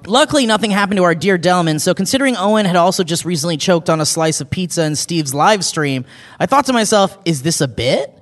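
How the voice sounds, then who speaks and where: A man's voice: sits high, lively intonation, quick pace. A man co-hosting a live podcast, reading a listener's letter aloud in a casual, amused way. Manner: reads with laughs, breaks into shouted impressions. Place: live show venue with audience. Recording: long hall reverb.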